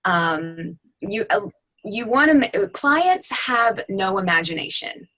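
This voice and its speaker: A woman's voice: medium pitch, big pitch swings, takes it slowly, pushed and bright, low-quality recording. A woman guest on a webinar giving frank, conversational voiceover advice. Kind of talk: casual advice talk.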